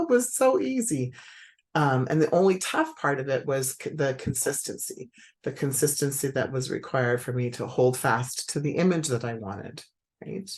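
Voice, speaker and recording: A middle-aged woman candidly telling a reflective personal story, often checking in with "right?". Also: very deep voice. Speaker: speaker sharing personal growth lessons.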